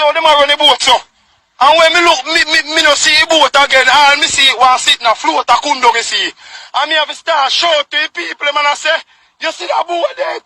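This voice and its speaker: A man voicing an excited local eyewitness in a cartoon news report, rambling in Jamaican patois. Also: very high voice, full character voice. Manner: breathless, rambling patois storytelling.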